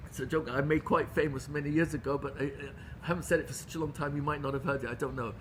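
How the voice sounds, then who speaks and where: A man's voice: a little high, steady tone, fast, slight background noise. A man with an English accent teaching a Torah class in an earnest way, often restarting phrases. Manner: earnest, with many restarts and Hebrew terms.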